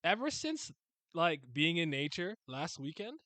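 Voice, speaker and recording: Bright-voiced man reacting casually, dry close mic. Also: a little high, unhurried, dry recording. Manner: casual, excitable, talks to the audience with slang. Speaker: manga reaction host. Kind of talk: casual reading and reaction commentary. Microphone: handheld mic on a swing arm, held close.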